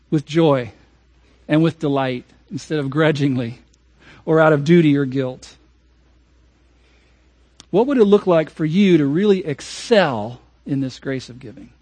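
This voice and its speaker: A pastor delivers his sermon in a high, light man's voice, pressing hard on key words and then dropping to near-hushed asides. The recording is close and completely dry, with no room sound behind him. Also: dry recording. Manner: emphatic preaching, swings from raised to hushed.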